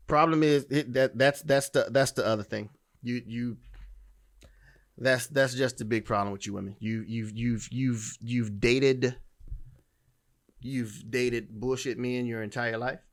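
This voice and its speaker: A man's voice: mid-range voice, steady tone, a little slow, pauses often. A male podcast host giving opinionated dating commentary in a blunt, profane, emphatic way, often restarting his sentences.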